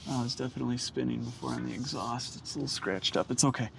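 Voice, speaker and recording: A man vlogging while he repairs a car outdoors, joking with viewers in an excitable running commentary. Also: medium pitch, fast talker, creaky, background noise. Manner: excitable, jokey, talks to viewers. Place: outdoors in the sun.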